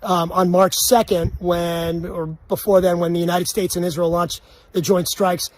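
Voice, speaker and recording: High-voiced male field reporter on location. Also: flat delivery, moderate pace, a little mellow, no room sound, low-quality recording.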